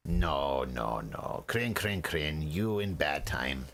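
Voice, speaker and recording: Man doing a sly goblin jailbird, broken clipped speech, deep and bouncy. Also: very animated, slow, gravelly, a bit bright, a little hiss or hum, heavily acted. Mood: ominous. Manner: clipped broken speech, talks of himself by name.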